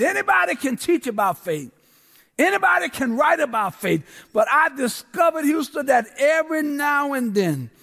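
Guest preacher, male, very high voice, rhythmic repeated refrains, church reverb. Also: fairly bright tone. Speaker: guest pastor. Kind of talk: sermon. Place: large church. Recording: long church hall reverb.

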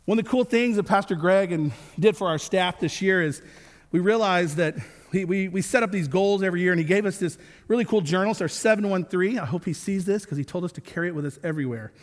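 A man in his thirties delivers a sermon in a high, bright-toned voice. He is earnest but slips in joking asides. His words ring out with the long reverb of a large church hall. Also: fast. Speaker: pastor.

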